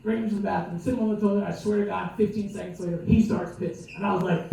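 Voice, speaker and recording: A man's voice: high-pitched, fast, gravelly, few pauses, darkish tone, a little hiss or hum. A man doing a stand-up set, profane and rambling, laughing at his own lines. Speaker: stand-up comedian. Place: comedy club stage. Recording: echoey club from far off.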